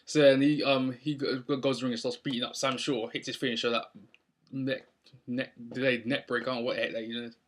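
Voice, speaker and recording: A man's voice: medium pitch, flat delivery, a little fast. A young man recapping a wrestling show in a casual, rambling way with lots of ums. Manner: rambling, many ums and restarts.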